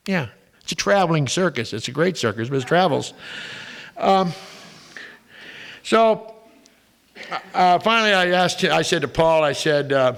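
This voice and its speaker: Older male comic, high gravelly voice, profane storyteller at a meeting. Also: lively intonation, unhurried, long pauses, fairly bright tone. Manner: profane, wisecracking, punchline-driven. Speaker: recovery meeting speaker. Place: recovery meeting room.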